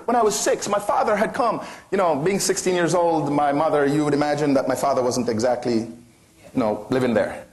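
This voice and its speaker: Here the motivational speaker's voice sits on the high side, quick and lively in its intonation. His speech to the audience is impassioned, built on rhetorical questions and sweeping vocal rises and dips.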